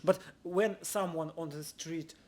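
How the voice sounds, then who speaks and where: A man with a Russian accent whose native language is Russian, hosting a vlog and chatting casually in halting English, often searching for words. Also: fairly high pitch, steady tone, a little mellow, slight background noise. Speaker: vlogger. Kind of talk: casual conversation.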